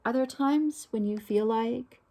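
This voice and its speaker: A woman reading a children's picture book aloud in a gentle, unhurried way, pausing to ask her listeners questions. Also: fairly high pitch. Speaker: storybook reader.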